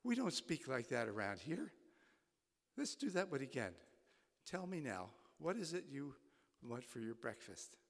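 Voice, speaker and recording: A man's voice: medium pitch, big pitch swings, a little slow, vocal fry, full character voice. A man putting on a stern father at the breakfast table, prim and scolding. His voice rings with a long church reverb.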